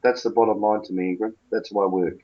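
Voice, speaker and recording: A man's voice: on the low side, steady tone, brisk, lo-fi sound. A man who coaches cricket, talking bluntly and emphatically in a colloquial interview.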